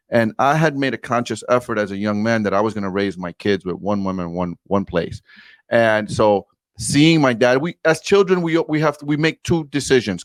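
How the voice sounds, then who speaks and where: A man's voice: mid-range voice, dry recording. Earnest emphatic man telling his story. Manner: earnest, emphatic, addresses the host as brother. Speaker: podcast guest. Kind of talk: candid storytelling interview.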